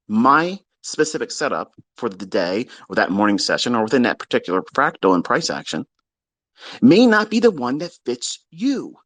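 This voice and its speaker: This is a man in the middle of a profane, exasperated rant, scolding his trading students as he lectures them. His voice sits a little high and leaps all over the place. The recording is close and dry. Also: fairly bright tone, dry recording. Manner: mocks listeners in put-on quotes. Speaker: trading educator. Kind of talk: ranting livestream lecture.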